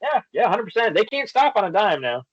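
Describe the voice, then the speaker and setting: A man with a fairly high voice tells stories in casual podcast chat, acting out each side of the conversations he recounts. The recording sounds dull and lo-fi, yet dry, with no room echo. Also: fairly quick, slightly rough. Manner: storytelling, animated, acts out quoted exchanges. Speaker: podcast guest.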